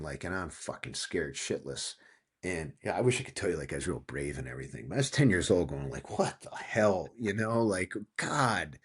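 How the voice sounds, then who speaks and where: This low-pitched, husky voice belongs to a Pennsylvania man in his fifties appearing as a guest author in a relaxed interview. He tells his story with animation, performs what people said, and curses frequently.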